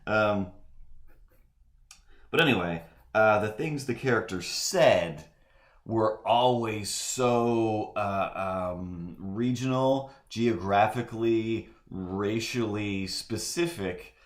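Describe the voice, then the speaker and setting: A man's voice: lowish voice, slow pace. A man chatting casually on a livestream while he draws, wandering through asides and fillers. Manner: meandering, full of fillers and asides. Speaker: livestream artist. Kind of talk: rambling casual chat while drawing. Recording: echoey room.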